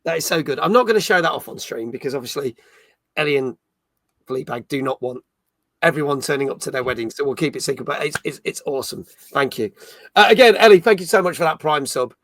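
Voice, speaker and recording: A man's voice: on the high side, lively intonation, quick pace, a bit bright, no echo. A man hosting a casual gaming livestream, chatting upbeat and reading out viewers' comments. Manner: chatty, upbeat, reads viewer chat aloud. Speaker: stream host.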